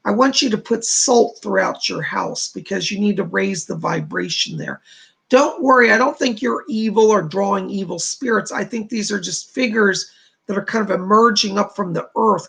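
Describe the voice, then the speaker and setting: A man's voice: sits high, animated, moderate pace, creaky, a bit bright, husky. A man hosting a livestream, giving psychic readings to viewers, reassuring and chatty with many fillers. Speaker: psychic medium host.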